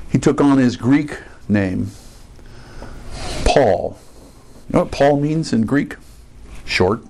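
A man's voice: medium pitch, a little mellow, slight background noise, low-quality recording. Man preaching a verse-by-verse sermon. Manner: teaching, stresses key words, asks the listeners questions. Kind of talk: expository sermon.

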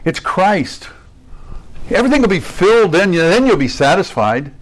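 Very animated and at a moderate pace, this male pastor delivers an earnest, direct sermon. His voice drops low and quiet, then climbs to forceful high bursts, and at times he acts out what imagined listeners might say.

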